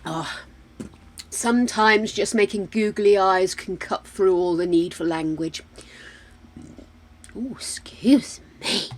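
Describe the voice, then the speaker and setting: A woman's voice: mid-range voice, fairly even intonation, a little slow, a little hiss or hum, rough recording. A woman from the UK chatting casually as a live streamer, muttering to herself while she plays a game. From United Kingdom. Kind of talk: casual gameplay chat.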